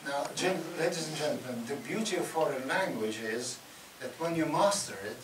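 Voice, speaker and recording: A man giving a lively talk in a university lecture hall. He laughs often and answers audience questions. The recording is taken from well back in a roomy hall, with steady background noise. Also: on the high side, normal speed, far from the mic. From Russia. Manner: animated, laughs often, acts out Russian voices loudly. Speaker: guest speaker.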